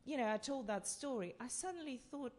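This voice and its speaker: A woman from Russia, telling stories as a playwright on a festival panel, halting and full of fillers. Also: sits high, lively intonation, a little mellow. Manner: halting, with many fillers and restarts. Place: festival talk session in a hall.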